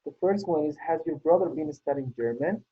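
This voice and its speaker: Patiently offering repeated praise, a man leads an online English lesson through its exercises. He speaks on the high side, animated and fairly quick, with a husky quality, and the video-call sound is thin and phone-like.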